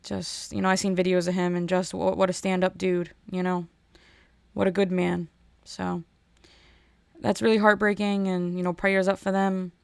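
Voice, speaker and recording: A woman's voice: fairly low pitch, little pitch movement, normal speed, vocal fry, clean tone, no room sound. A woman hosting a casual solo podcast from a home podcasting corner, rambling and heartfelt, with many restarts. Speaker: podcast host.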